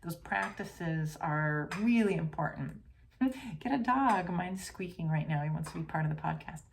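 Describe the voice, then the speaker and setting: Earnest woman podcast host, slightly low. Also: expressive, a little slow, gravelly, a little hiss or hum. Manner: earnest, casual, drops into soft whispers. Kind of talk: reflective podcast monologue. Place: home.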